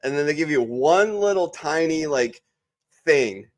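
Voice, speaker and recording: A man's voice: on the high side, animated, unhurried. A man hosting a casual chat among veterans, loose, joking and heavy on profanity. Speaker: show host.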